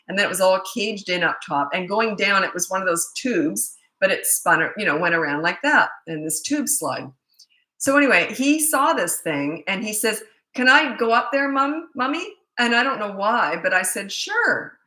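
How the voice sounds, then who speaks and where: A woman's voice: on the low side, sharp tone, poor audio. A middle-aged woman, a parenting coach, answering viewer questions in a blunt, chatty way and telling stories with laughter. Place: Australia.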